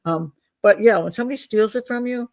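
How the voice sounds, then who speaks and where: A woman's voice: fairly high pitch, a little fast, a little mellow. A woman hosting a crime-profiling show, talking casually through a case with emphatic, incredulous rhetorical questions. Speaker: host of a crime profiling channel. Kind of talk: casual live-show commentary on a criminal case.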